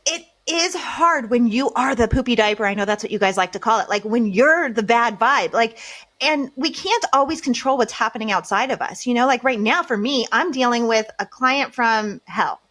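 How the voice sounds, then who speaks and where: Woman, 30s, podcast host; slightly raised pitch, relaxed conversational interviewer. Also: normal speed. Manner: warmly conversational, asks open questions. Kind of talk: casual interview chat.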